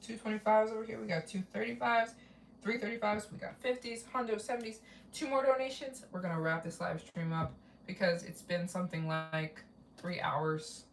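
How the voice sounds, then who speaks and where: A woman's voice: medium pitch, vocal fry, reverberant, distant mic, a little hiss or hum. A woman travel vlogger chatting casually on a fundraiser live stream. She rambles, repeats herself and reads out donations.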